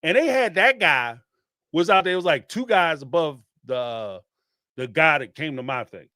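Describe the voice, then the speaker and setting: A man, hosting a podcast and ranting in an animated, emphatic way, with some swearing and repeated phrases. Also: on the high side, moderate pace, dry recording, clean studio sound. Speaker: podcast host. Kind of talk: casual commentary rant.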